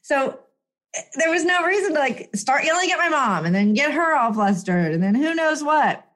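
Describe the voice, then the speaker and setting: A young woman telling a personal story in a casual, animated way, full of fillers and acted-out quotes. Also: sits high, normal speed. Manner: animated, chatty, lots of fillers and voiced quotes.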